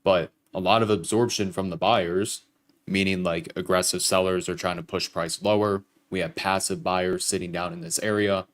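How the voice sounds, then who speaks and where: A man's voice: low voice, steady tone, normal speed. A young man hosting a live trading stream, casually talking chat through his trades with some profanity. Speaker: livestream trading host.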